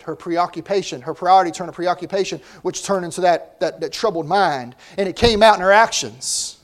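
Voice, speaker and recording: High-voiced man preaching conversationally. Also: normal speed. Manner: conversational preaching with frequent word repeats. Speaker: pastor. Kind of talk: sermon.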